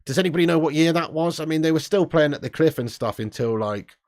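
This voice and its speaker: Man, live stream host, casual chat, laughs a lot, gravelly, dry sound. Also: on the high side, quick pace, a little mellow, no room sound. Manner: chatty, laughs often, reads comments aloud.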